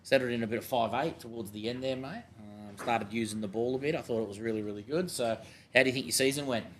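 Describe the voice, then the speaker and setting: A man's voice: medium pitch, fairly even intonation, fast talker, a little hiss or hum. An Australian man hosting a casual club show and coaching a junior footy team, laid-back and matey as he jokes with kids.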